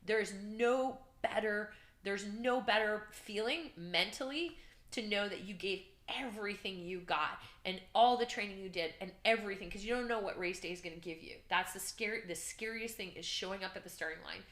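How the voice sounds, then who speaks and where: A woman guest telling her story in an interview, animated and earnest, acting out shouts and her own inner voice. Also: medium pitch, moderate pace, echoey room. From Canada. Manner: emotional, earnest. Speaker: podcast guest, business coach.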